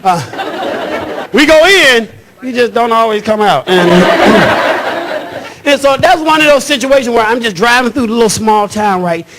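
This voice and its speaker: A male stand-up comedian who tells stories with animation and shouts his punchlines. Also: extremely high pitch, lively intonation, measured pace, a crowd in the background, background noise.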